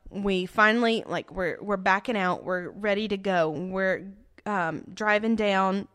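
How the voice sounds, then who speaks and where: A young woman telling a story in casual chat, animated and full of fillers, laughing often as she goes. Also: medium pitch, measured pace.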